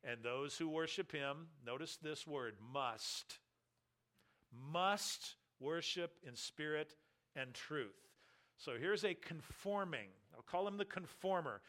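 Forceful, emphatic male preacher. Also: fairly high pitch, expressive. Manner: emphatic, slows down to stress key phrases. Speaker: pastor. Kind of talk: sermon.

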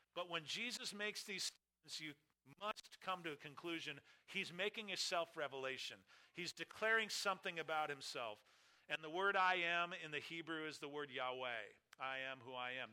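Bright-voiced emphatic male preacher. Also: poor audio. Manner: emphatic, swings between loud stresses and quiet low drops. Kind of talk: sermon.

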